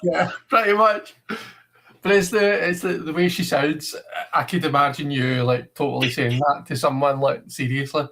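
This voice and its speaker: A man's voice: a little high, steady tone, moderate pace, a bit bright. A man co-hosting a tarot livestream, chatting in an easygoing, rambling way. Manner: easygoing, rambling, lots of fillers. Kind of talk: casual chat.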